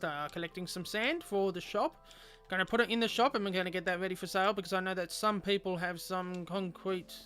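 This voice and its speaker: A man's voice: sits high, bright, forceful tone. A man streaming a game, chatting casually with viewers and rambling aloud with lots of fillers.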